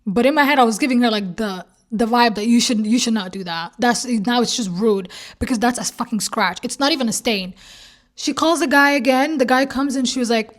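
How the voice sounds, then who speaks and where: A young woman with a slightly high voice tells a casual storytime vlog. She is animated and acts out each quoted line, swearing freely as she goes. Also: fairly quick. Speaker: vlogger.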